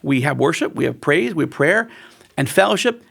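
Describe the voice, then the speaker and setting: Man, animated storyteller, slightly high voice, very gravelly. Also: brisk. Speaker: guest author. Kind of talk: animated conversational interview.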